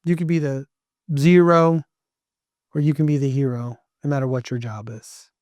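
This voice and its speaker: A man's voice: medium pitch, fairly even intonation, moderate pace, a little mellow, dry recording. A middle-aged man, a podcast guest, talking earnestly and emphatically like a motivational speaker. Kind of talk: casual interview talk.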